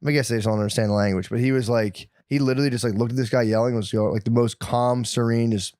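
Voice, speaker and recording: A man's voice: medium pitch, fairly even intonation, fast talker, a little mellow, no room sound, studio quality. A man co-hosting a comedy podcast, telling rambling, profane stories and often laughing mid-story. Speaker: podcast co-host.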